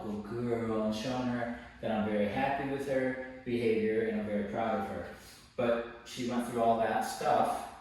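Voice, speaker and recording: A male dog trainer talks through a session, explaining steadily, then lifting into high, sing-song praise for the dog. He sits well back from the mic in a very echoey space, with a faint hiss underneath. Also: far from the mic. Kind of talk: hands-on training lesson.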